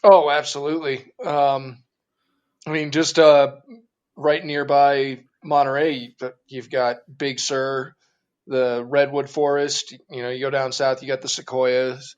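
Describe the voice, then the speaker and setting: A man being interviewed as a guest, speaking in a relaxed, easygoing way and laughing along. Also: medium pitch, slow, clear, resonant tone, muffled recording. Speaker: interview guest, group organizer. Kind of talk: casual interview conversation.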